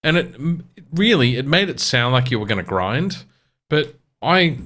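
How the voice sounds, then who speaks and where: A man's voice: medium pitch, animated, normal speed, fairly bright tone. An Australian man co-hosting a podcast, explaining a game at length in casual chat, with restarts. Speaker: podcast co-host.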